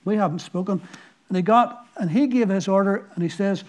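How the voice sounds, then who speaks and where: A man's voice: high voice, a little fast. A man with a Northern Irish accent preaching a sermon, telling stories and asking the listeners earnest rhetorical questions. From Northern Ireland.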